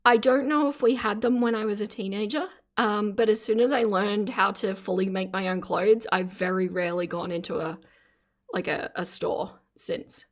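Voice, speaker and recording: A woman's voice: mid-range voice, steady tone, normal speed. Gushing woman streamer thanking donors. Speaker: livestream host. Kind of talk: casual live-stream chat reading donations.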